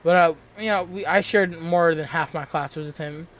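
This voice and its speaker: A man's voice: fairly high pitch, fairly even intonation, normal speed, fairly bright tone. Rambling teen guy telling a story. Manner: rambling storytelling full of fillers and restarts. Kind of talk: casual chat.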